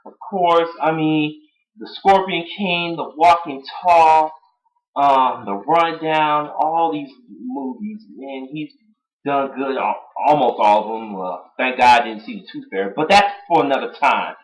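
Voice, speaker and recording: A young man from Atlanta giving excited, casual fan commentary, often laughing as he retells moments. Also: medium pitch, measured pace, poor audio. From Atlanta, United States. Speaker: wrestling fan vlogger.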